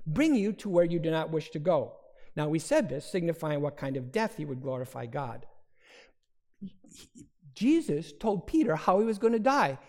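A man's voice: a little high, a little mellow. A man preaching a sermon as pastor, speaking in an earnest, conversational way with frequent restarts.

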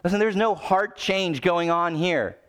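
A male pastor preaching a sermon, swinging between loud urgent pleading and low, quiet emphasis. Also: a little slow, clean tone.

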